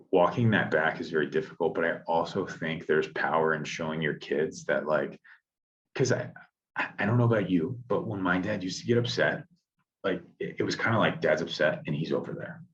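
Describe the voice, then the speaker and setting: A man talking reflectively in a casual podcast conversation, a father thinking out loud with restarts. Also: low voice, lo-fi sound.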